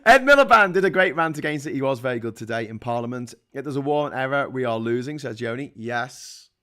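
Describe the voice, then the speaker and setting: A British man with a mid-range, somewhat bright, expressive voice talks at a quick pace. Hosting a livestream, he reads out chat and rants about politics in a casual, heated, sarcastic way, swearing constantly.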